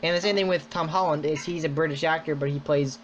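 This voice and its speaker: A man hosting a podcast in casual chat, rambling and excitable, full of "like". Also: a little high, fast, a crowd in the background. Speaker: podcast host. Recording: dull lo-fi sound.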